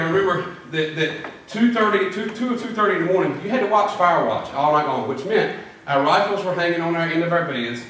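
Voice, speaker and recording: A man's voice: a little high, fairly bright tone, a little hiss or hum. A middle-aged man preaching a sermon, telling folksy stories and doing drill-sergeant impressions. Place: church sanctuary. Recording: echoey church from far off.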